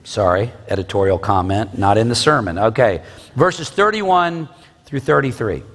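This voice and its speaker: A man's voice: medium pitch, lively intonation, moderate pace, a bit bright. A man in his forties teaching a Bible lesson in a conversational way, with asides and rhetorical questions. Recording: long reverb.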